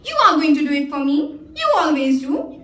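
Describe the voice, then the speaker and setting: A woman's voice: sits high, very animated, a little fast, a bit bright. A woman acting a sulky, demanding grown daughter on stage, with a whiny, petulant way of talking. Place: theatre stage. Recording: echoey hall from far off.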